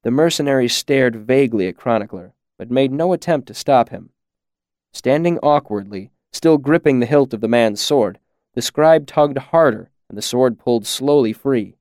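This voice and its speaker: An audiobook narrator, male, reads a scripted story in a measured and expressive manner. His pitch is medium, and the recording is clean studio sound with no room ambience.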